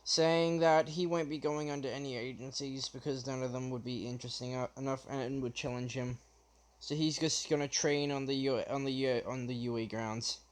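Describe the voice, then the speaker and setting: A young man retelling his fan story off the cuff, halting often with fillers and restarts. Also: medium pitch, fairly even intonation.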